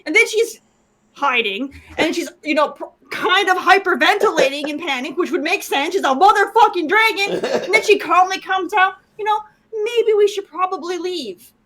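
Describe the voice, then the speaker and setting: A woman's voice: very high-pitched, normal speed, crowd noise. A woman co-hosting a casual gaming podcast, swearing freely and acting out scenes as she talks. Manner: animated, swearing, acts out scenes. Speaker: podcast co-host. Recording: clear background noise.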